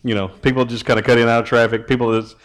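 A man's voice: medium pitch, level tone, very fast, rough recording. A man preaching a casual, conversational sermon as a youth pastor. He often repeats words as he starts his phrases.

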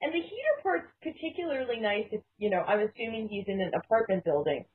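Lively woman on a tinny line. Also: mid-range voice, quick pace. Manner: playful, laughing, wordy. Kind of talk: casual chat. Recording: tinny phone-like sound.

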